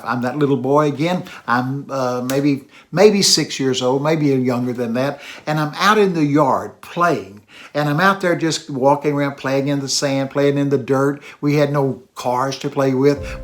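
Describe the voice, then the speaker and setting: Older East Texas preacher telling stories. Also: male voice, on the high side. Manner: animated storytelling, acts out voices. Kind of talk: sermon storytelling.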